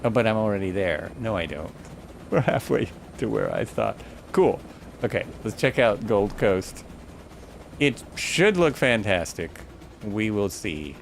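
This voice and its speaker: A man's voice: fairly low pitch, sing-song, measured pace, creaky, slight background noise. A man streaming a flight simulator, chatting casually and thinking aloud, often stopping to correct himself. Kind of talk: casual live gameplay commentary.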